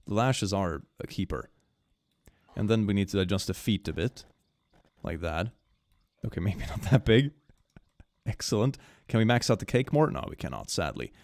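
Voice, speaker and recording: A man streaming a game, commenting casually and excitably, swinging between gushing and mumbling with frequent laughs. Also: fairly low pitch, vocal fry, dry recording, studio quality.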